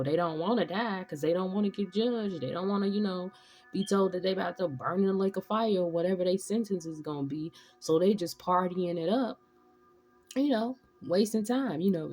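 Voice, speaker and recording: Low dark-toned woman rambling through a tarot reading, cussing a lot, slangy. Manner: rambling, profane, streetwise slang. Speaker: tarot reader.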